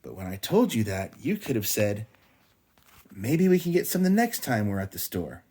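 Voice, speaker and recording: A man's voice: on the low side, very animated, normal speed, dark tone, slightly rough, full character voice. A man voicing a patient mother bear who firmly corrects her daughter in a bedtime storybook reading. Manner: firm, restrained.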